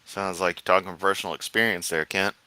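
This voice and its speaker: A man's voice: low voice, fairly even intonation, fast talker, pushed and bright, no room sound. A man doing reaction commentary on a clip, making wry, sarcastic quips.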